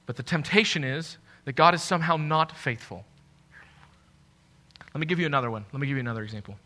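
A man's voice: fast talker, bright, forceful tone. A man preaching a sermon as pastor, earnest, often restarting phrases and rising in force when he acts out what doubters say. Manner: earnest, repeats words when restarting, rises in pitch and force when quoting doubters.

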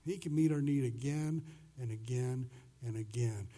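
A pastor preaching a conversational sermon who swings between loud and soft passages and acts out the voices he quotes. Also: medium pitch, normal speed.

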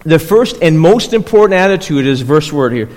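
A man's voice: on the high side, lively intonation, normal speed, darkish tone. A man preaching a conversational sermon as pastor, often checking in with listeners and restarting phrases. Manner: restarts and repeats words. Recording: long hall reverb.

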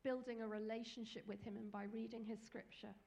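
A woman's voice: fairly high pitch, level tone, brisk, vocal fry, a little mellow, in a large hall. A woman preacher giving an earnest, encouraging sermon with small fillers.

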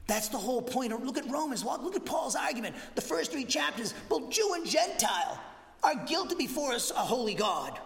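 A man's voice: extremely high pitch, big pitch swings, fairly quick, vocal fry, long reverb tail. A man with a Southern American accent teaching an expository Bible lesson as pastor, emphatic and driving his points home, often restarting his sentences. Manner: emphatic, rising to near shouts on key points, frequent restarts. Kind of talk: expository sermon. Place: church sanctuary.

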